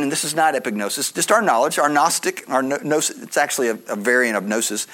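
A man's voice: fairly high pitch, expressive, quick pace, hardly any pauses, bright, forceful tone. A man preaching a sermon, explaining scripture in an earnest teaching manner with conversational asides. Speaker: pastor.

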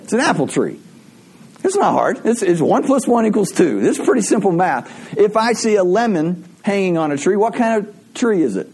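Lively, husky-voiced preacher man. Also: high-pitched, moderate pace. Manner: conversational preaching with rhetorical questions and playful asides. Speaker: pastor. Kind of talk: sermon.

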